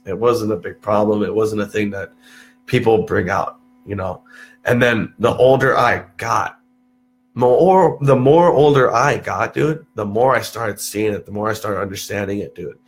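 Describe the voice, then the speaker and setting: A man's voice: fairly low pitch, normal speed. A young man from Texas, a podcast guest, telling stories in casual chat, swearing freely and saying "dude" a lot. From Texas, USA. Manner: animated storyteller, swears freely, peppers talk with "dude".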